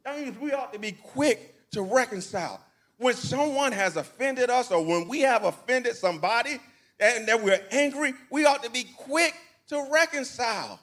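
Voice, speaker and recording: A man with a high voice delivers a sermon in a church. He preaches in a folksy, conversational way, repeating his phrases and asking the congregation questions to draw them in. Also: expressive, moderate pace, fairly bright tone. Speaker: pastor. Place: church sanctuary.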